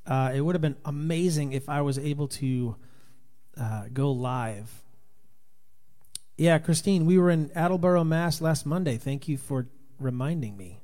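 A man's voice: a little high, a little slow, warm tone. Tired, chatty man greeting live viewers. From Rhode Island, USA. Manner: chatty, greets viewers by name, loose and rambling. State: tired, worn-out voice after touring. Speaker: livestream host and touring Christian musician. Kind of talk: casual live chat reading viewer comments.

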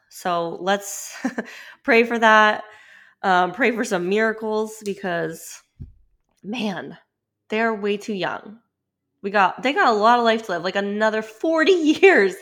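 Pregnant woman in her thirties, solo podcast host, chatty, casual, mid-pitched voice. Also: a bit bright. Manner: chatty, with frequent "like" and quick restarts.

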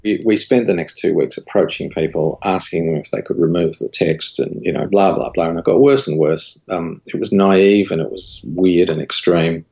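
Man, low gravelly voice, husky, candid interview guest, muffled lo-fi audio. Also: normal speed, hardly any pauses. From Australia. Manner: candid, recounts dialogue with rising animated pitch. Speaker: guest, studio owner and creative director. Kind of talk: casual interview storytelling.

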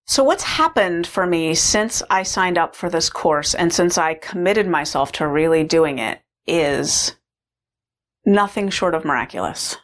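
Woman, slightly low voice, candid reflective personal testimony, fillers and restarts. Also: lively intonation, unhurried. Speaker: course participant sharing a personal story.

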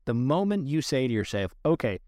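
A dog trainer explains training rules to listeners on an instructional podcast, earnest and direct. His mid-range voice is animated and a little fast, with clean, echo-free studio sound.

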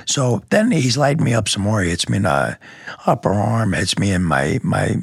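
Gravelly, very husky low-voiced man. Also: sing-song, moderate pace, dry recording, studio quality. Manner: vivid storytelling with sound effects and blunt swearing. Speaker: police lieutenant, guest. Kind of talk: step-by-step recounting in a podcast interview.

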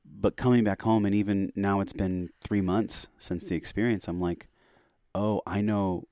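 A man's voice: on the low side, steady tone, moderate pace, dark tone, no room sound, clean studio sound. A man speaking as a podcast guest, telling a personal story in an earnest, heartfelt, reflective way.

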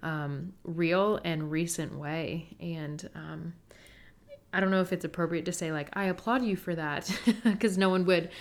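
A woman with a lowish voice, interviewing her co-host on a faith podcast. She asks gentle questions and often pauses on fillers as she searches for words. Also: steady tone.

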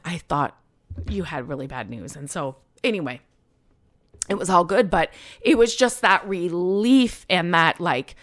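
Rambling woman, slightly low voice. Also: fairly bright tone. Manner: rambling, emotional, many fillers. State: choked up at times. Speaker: podcast host. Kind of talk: personal storytelling.

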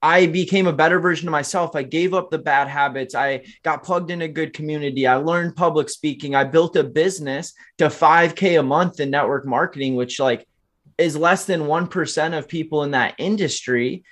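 This podcast guest, a man in his twenties, relates his life story with a fairly high, fairly bright voice at a moderate pace. The candid interview feels earnest and motivational, and he often addresses listeners directly.

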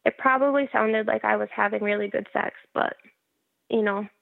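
A woman's voice: medium pitch, fairly even intonation, normal speed, gravelly, no echo. Frank woman on a tinny line. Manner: frank, wry, laughs at herself. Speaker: guest telling her birth story. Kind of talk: casual storytelling interview.

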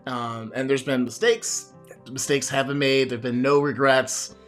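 A man's voice: mid-range voice, fairly even intonation, moderate pace, a bit bright, faint music behind. A man hosting his own podcast and talking alone to a camera as a coach, reflective and rambling, with many fillers and restarts. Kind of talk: solo podcast monologue.

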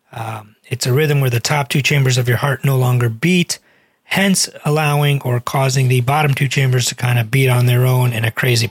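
A man's voice: medium pitch, slightly rough, no room sound, clean studio sound. A man who is a cardiologist and weight loss doctor, telling a patient story in a chatty, earnest podcast manner. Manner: earnest, chatty, many fillers.

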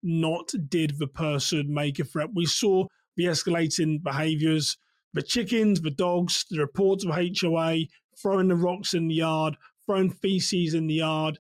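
Male podcast host, higher voice, dead-dry booth sound, measured and earnest commentary. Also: steady tone, no echo. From England. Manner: measured, earnest, repeats key points. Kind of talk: commentary on a crime case.

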